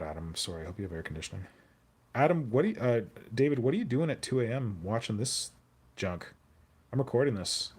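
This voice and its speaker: A man's voice: mid-range voice, a little mellow, slightly rough. Rambling jokey man streaming. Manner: rambling, jokey, answers viewer chat aloud. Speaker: hobby streamer. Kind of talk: casual live-stream chat.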